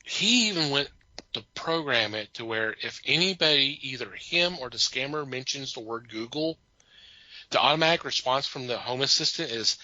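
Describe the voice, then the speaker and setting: A man's voice: mid-range voice, animated, normal speed, pushed and bright, no echo, lo-fi sound. A man co-hosting a podcast, telling a story in casual chat, amused and rambling with many restarts. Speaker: podcast co-host.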